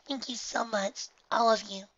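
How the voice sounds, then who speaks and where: Man voicing a young filly in a storybook: soft, eager, bright, slightly dull lo-fi audio. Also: sits high, a little fast, no echo, voice pushed up, heavily acted. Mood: earnest. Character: young unicorn filly, earnest and emotional.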